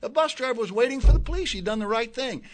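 An older man preaching a sermon to his congregation, moving between quiet, reflective asides and loud, emphatic outbursts, often repeating words as he builds a point. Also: expressive, fast talker. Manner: impassioned, swings from low asides to loud emphatic peaks. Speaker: pastor.

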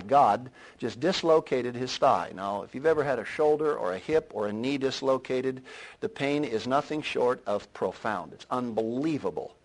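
A man preaching a sermon, swelling to loud emphatic lines and then dropping to a low, quiet delivery. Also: low-quality recording. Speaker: pastor.

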